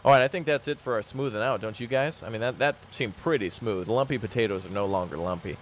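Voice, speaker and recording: A man's voice: lowish voice, slight background noise. Rambling, jokey male game host. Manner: rambling, jokey, quick to exclaim. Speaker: host of a multiplayer game session. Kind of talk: casual gameplay chat with friends.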